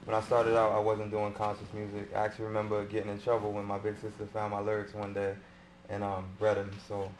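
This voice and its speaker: A male musician speaks as a panel guest in a low voice with a very flat intonation. He talks hesitantly, with frequent pauses and ums. A faint hiss sits in the background. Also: poor audio. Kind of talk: panel discussion.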